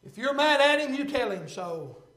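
A man preaching a sermon and reading scripture aloud, impassioned and swelling to shouts, with frequent "uh" fillers. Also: very high voice, big pitch swings, normal speed. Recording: echoey room.

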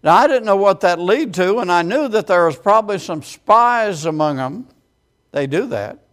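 A man's voice: high voice, animated, moderate pace, fairly bright tone. A man preaching a sermon as a storytelling testimony, with frequent amens and quoted voices acted out.

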